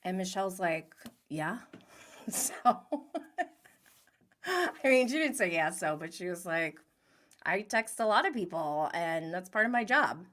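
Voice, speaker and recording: Woman, young adult, chatty, giggly, unhurried, bright tone, reality show recap. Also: medium pitch, lively intonation. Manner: chatty, giggly, acts out quotes. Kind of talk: casual video recap.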